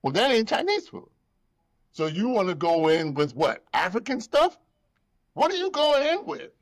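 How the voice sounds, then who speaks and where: A man with a high voice talks at normal speed, and the recording has no room sound. He's a casual podcast host who tells emotional stories, mimics the people in them, and swears liberally.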